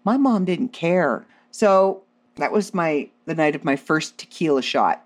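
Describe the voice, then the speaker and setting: A woman podcast host telling funny stories about her own life in a casual, self-deprecating, animated way. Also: low voice, a little slow. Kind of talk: casual comedic storytelling.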